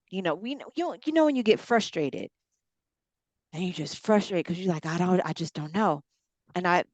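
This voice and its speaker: A woman's voice: fairly low pitch, no echo. A woman, a ministry coach preaching in an encouraging way on a group call, repeating phrases and calling her listeners y'all. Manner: repetitive, exhorting, addresses listeners as y'all.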